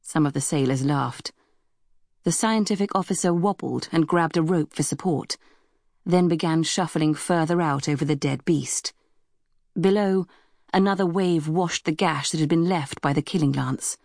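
Low-voiced woman narrating a story. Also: darkish tone, no echo, studio quality. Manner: measured storytelling, voices dialogue with raised pitch. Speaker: audiobook narrator. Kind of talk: scripted narration.

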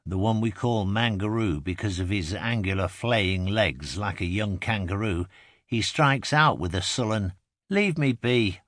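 Male audiobook narrator, low voice, measured first-person telling, dry booth. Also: a bit bright, no room sound. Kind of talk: scripted narration.

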